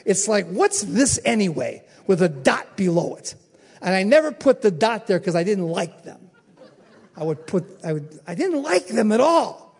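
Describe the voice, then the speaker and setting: A man preaching a sermon, firing off rhetorical questions and swinging between loud exclamations and quiet asides. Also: high voice, big pitch swings, gravelly, breathy edge. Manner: rapid-fire rhetorical questions.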